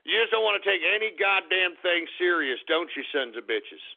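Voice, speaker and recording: A man's voice: high-pitched, sing-song, moderate pace, vocal fry. A man hosting a radio show, reading out listener names and snapping at them in mock-angry, profane outbursts. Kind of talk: call-in radio show shout-outs. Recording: tinny phone-like line.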